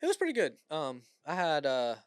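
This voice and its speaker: A man's voice: on the high side, wildly swooping pitch, brisk, no echo. A young man co-hosting a podcast in casual chat, teasing and emphatic. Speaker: podcast co-host.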